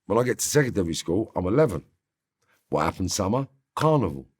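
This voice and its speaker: Deep-voiced London man telling stories. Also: a little fast, husky. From Northwest London. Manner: slangy, streetwise, animated when recounting. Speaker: interview guest. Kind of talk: casual storytelling.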